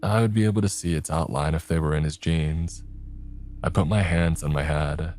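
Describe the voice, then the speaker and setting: A man reading a first-person horror story in a tense, measured way. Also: very deep voice, steady tone, a little mellow, slight background noise. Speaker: narrator.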